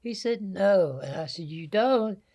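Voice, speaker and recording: An older male guest from the American South, with a Southern American accent and a higher voice, tells stories in a storytelling interview. He is folksy and anecdotal, expressive, unhurried, and a little mellow.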